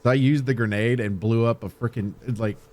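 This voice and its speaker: A man's voice: mid-range voice, steady tone, a little mellow. A man co-hosting a gaming podcast, rambling with many fillers and restarts in casual chat. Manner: halting, filler-heavy rambling. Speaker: podcast co-host.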